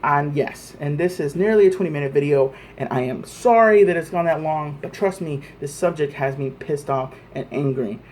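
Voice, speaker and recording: A vlogger delivers an angry political rant to camera, heated, cursing and repeating himself. His fairly high voice is a little mellow, moving at a moderate pace with few pauses.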